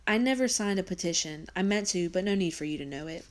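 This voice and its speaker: A woman reading aloud, voicing a young female mill worker who answers politely and haltingly but grows bolder. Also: on the low side, expressive, lightly acted. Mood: timid, deferential.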